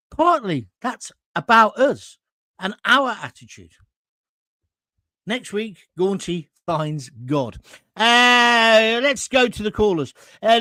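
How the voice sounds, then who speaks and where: A man's voice: sits high, fairly bright tone, dry recording. A man, hosting an online talk show and chatting casually through viewer comments in a blunt, jokey way with crude asides. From England.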